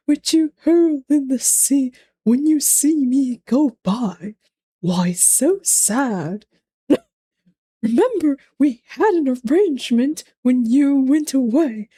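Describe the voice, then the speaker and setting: A woman's voice: high voice, dark tone, no room sound. A woman singing as a haughty possessive king. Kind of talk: singing show tunes on a livestream.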